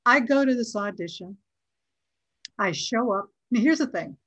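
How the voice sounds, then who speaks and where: A woman's voice: fairly high pitch, measured pace, no echo. A middle-aged woman, an actress, telling a story in a casual interview and acting out the quoted lines. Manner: lively, acts out quoted dialogue. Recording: dull, dry recording.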